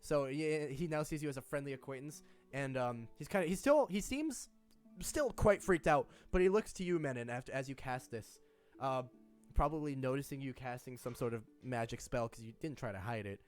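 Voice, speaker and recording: A man's voice: medium pitch, fairly quick, smooth, faint music behind. A man narrating as game master, talking in a loose, rambling way with many fillers. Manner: relaxed, rambling, lots of fillers and laughs.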